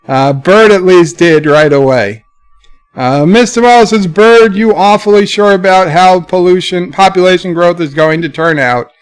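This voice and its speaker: Male streamer, slightly high, smooth voice, reads chat up, answers low and offhand. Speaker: livestream host reading chat. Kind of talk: casual livestream chat.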